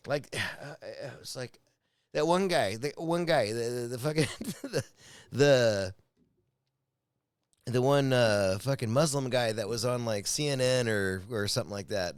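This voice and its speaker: A man's voice: medium pitch, moderate pace, no room sound, clean studio sound. A man reacting to a clip in a casual rant, profane and agitated, often stumbling and repeating words.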